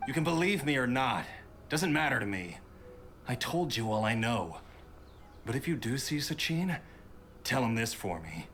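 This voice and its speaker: An actor playing a bitter, resentful son in a game who talks coldly and grudgingly. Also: male voice, medium pitch, sing-song, normal speed, long pauses, a bit bright, slight background noise. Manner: cold, grudging.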